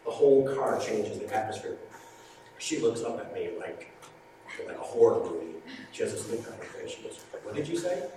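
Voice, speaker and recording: A man's voice: fairly low pitch, lively intonation, moderate pace, warm tone. A man preaching a sermon, earnestly pleading and acting out conversations in a story. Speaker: pastor. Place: church hall. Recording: echoey hall, distant mic, noisy ambience.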